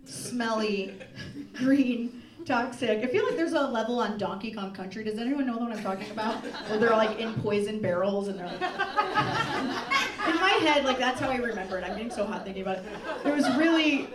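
A young woman telling a laughing, animated confessional story on a live comedy stage. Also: a little high, normal speed. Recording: echoey room from far off, loud crowd.

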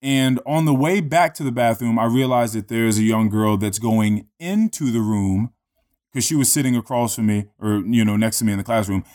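A man recounts a story in a loose, conversational way, swearing freely and leaning on "like" and "you know". His voice sits at an ordinary middle pitch, and he sounds easygoing. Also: moderate pace, a little mellow. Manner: laid-back, profane, many fillers like "you know". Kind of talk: casual storytelling chat.

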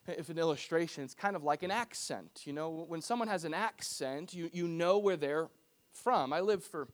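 A man's voice: on the high side, normal speed. A man preaching a sermon to his church as pastor, in a conversational style that mixes personal stories with scripture.

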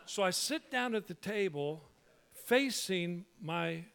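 A male pastor telling a humorous story in a sermon, animated and full of quick restarts. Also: high voice, vocal fry.

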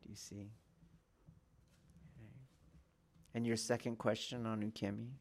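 A man's voice: fairly low pitch, little pitch movement, a little slow, gravelly, darkish tone. A man giving a martial arts lesson, talking in a rhetorical way and often checking in with his students. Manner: rhetorical, keeps checking in with "okay?" and "do you see?". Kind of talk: teaching talk to students.

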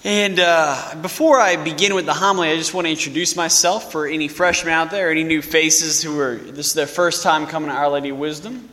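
Young priest with a bright, forceful voice. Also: male voice, fairly high pitch, fairly even intonation, a little fast, hardly any pauses. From Louisiana, USA. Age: young adult. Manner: casual, storytelling homily with fillers. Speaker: parish priest. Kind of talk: sermon. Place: church. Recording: echoey church hall.

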